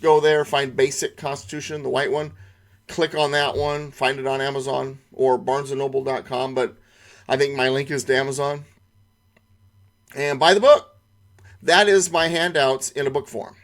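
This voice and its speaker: A man's voice: medium pitch, steady tone, normal speed. A middle-aged man teaching an online constitution class, stressing key words and asking rhetorical questions. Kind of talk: online lesson lecture.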